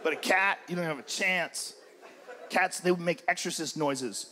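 A man performing a stand-up routine on stage, loud and profane, acting out the animals in his bits. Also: a little high, normal speed, noisy background. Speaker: stand-up comedian. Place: comedy stage before a large audience. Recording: live show with loud crowd. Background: loud audience laughter.

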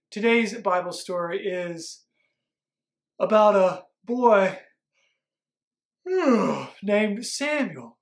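A man working as a children's pastor, reading a Bible story to young children and leading them in call-and-response prompts. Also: high-pitched.

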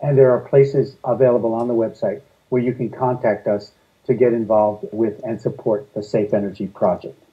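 A man's voice: lowish voice, moderate pace, dull audio. A man being interviewed as a guest, laying out his points steadily and in order. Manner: steady, methodical, lists points in sequence. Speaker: guest, energy policy advocate. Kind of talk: earnest interview answers.

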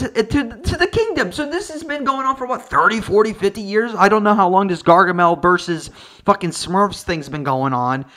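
A man with a high, bright voice riffs through a comedic movie review rant. He talks in a sarcastic, profane, tangent-heavy way. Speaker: online video reviewer.

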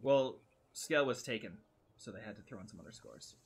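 A man's voice: on the low side, lively intonation, moderate pace, slightly rough. A man in his thirties co-hosting a casual game livestream, joking and often trailing off mid-sentence. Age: 30s. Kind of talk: casual gaming stream chat.

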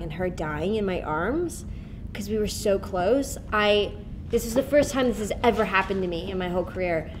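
Giggly young woman on a noisy panel. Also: medium pitch. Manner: giggly, chatty, many fillers. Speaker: actress on a convention panel. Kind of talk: fan convention panel Q&A. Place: convention hall.

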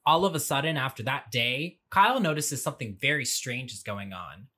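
A man's voice: medium pitch, animated, normal speed, sharp tone. A man recapping a movie for laughs, with sarcastic, wry asides. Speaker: movie commentary host. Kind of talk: comedic movie recap narration. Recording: audio glitch.

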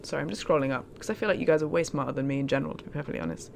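A woman's voice: deep voice, racing, gravelly, a little mellow, a little hiss or hum. A woman chatting casually on a live stream as she plays a game, in a self-mocking way.

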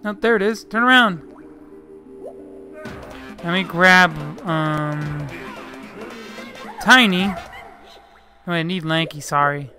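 A man's voice: high-pitched, slow pace, long pauses, pushed and bright, faint music behind. A man giving casual let's-play commentary, chatting away, scolding the game characters and swearing mildly. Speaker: gameplay commentator.

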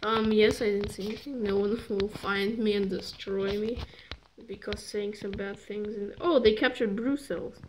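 A woman's voice: mid-range voice, steady tone, moderate pace. A woman reviewing a strategy game in rambling, joking commentary that keeps interrupting itself. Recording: noisy recording with clicks.

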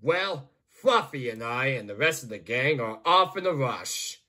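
A man voicing a cheerful, friendly male builder in an amateur storybook act, talking slowly and gently. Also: medium pitch, big pitch swings, full character voice. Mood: upbeat.

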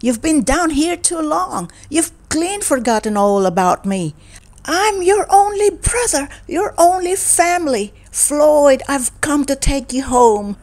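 A woman's voice: on the high side, sing-song, measured pace. A woman voicing an angry, pushy grown man who scolds his brother in a children's storybook. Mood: exasperated. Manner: insistent, exasperated scolding.

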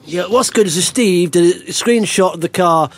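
Brief: male podcast host, high and bouncy, animated ranter, dry close mic. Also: moderate pace, dry recording. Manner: animated ranting, laughs often. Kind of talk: casual chat.

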